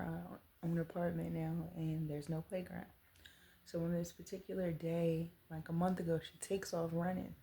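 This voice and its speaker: A woman in her thirties telling a personal story to the camera, earnest and animated as she retells it. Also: lowish voice, creaky. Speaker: vlogger.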